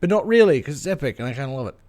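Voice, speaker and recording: A man's voice: mid-range voice, big pitch swings, rapid-fire, a little mellow. A man streaming a game live, chatting playfully with viewers in a rambling, sing-songy way. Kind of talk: casual live-stream chat.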